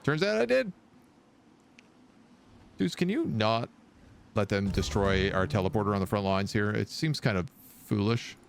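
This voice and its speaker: A young man streaming a strategy game with casual, excitable live commentary. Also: on the low side, measured pace, creaky, long pauses, a little hiss or hum. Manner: casual, excitable, baby-talks to his cat.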